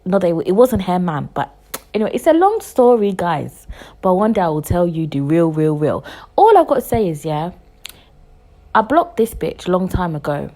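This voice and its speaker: Woman in her 20s, podcast host, solo rant: swears hard, repeats herself, jumps from loud outbursts to hushed asides. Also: lowish voice, moderate pace. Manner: heated, profane ranting with repetition; animated, swings between loud bursts and hushed asides. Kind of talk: casual podcast monologue.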